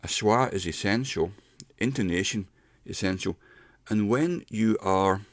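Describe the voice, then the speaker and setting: A middle-aged man giving a casual pronunciation lesson, explaining step by step and slowing down to demonstrate sounds. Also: lowish voice, no echo, clean studio sound. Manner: unhurried, explains step by step with slowed demonstration words. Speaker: English pronunciation teacher.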